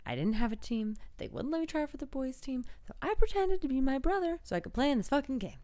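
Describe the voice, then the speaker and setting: Animated woman recapping a movie. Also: high voice, quick pace. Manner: animated, acts out characters' lines, laughs often. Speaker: podcast co-host. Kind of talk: casual movie recap chat.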